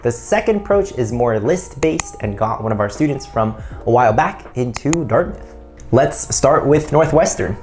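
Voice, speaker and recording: A man's voice: mid-range voice, expressive, normal speed, a little mellow, faint music behind. Upbeat man coaching essay writing. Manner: upbeat, conversational explainer. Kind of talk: instructional video.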